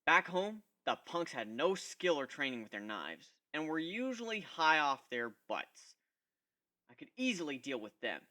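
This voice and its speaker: A man narrates a fan story in the first person, giving it a dramatic reading. His voice is bright and lively, and its pitch rises and falls freely. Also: a little slow. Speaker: reader.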